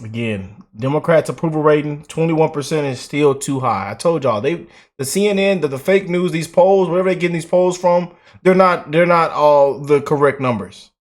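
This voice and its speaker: Animated, mocking male commentary host. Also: a little high. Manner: animated and mocking, slangy, repeats words, laughs often. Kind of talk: casual reaction commentary.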